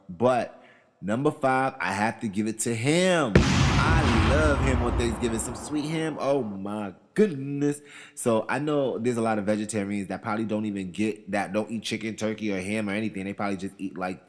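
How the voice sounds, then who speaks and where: A man hosting a countdown show, talking in an animated, chatty way, repeating phrases and asking his audience questions. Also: on the low side, big-room sound. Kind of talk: casual opinionated countdown monologue.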